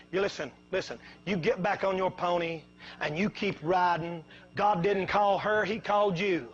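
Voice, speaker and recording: A man preaching a fiery revival sermon, telling folksy stories that build up to shouting. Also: high-pitched, steady tone, moderate pace, highs cut off.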